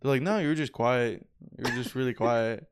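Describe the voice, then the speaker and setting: A young man with a smooth, resonant voice tells stories in a loose, casual way. He swears a lot and keeps saying bro. He sounds laid-back and unhurried. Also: medium pitch. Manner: laid-back, profane, says bro often. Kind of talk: casual storytelling chat.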